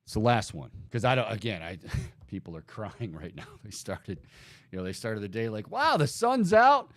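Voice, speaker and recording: A man's voice: fairly low pitch, moderate pace, no room sound, clean studio sound. A man hosting a casual sports talk show, laughing often and rattling off statistics. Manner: animated, laughing, rattles off stats. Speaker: sports talk radio host.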